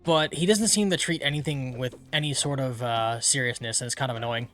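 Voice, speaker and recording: A man's voice: mid-range voice, fairly quick, a bit bright. A man streaming a video game, rambling chattily through casual commentary. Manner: rambling, many fillers, chatty.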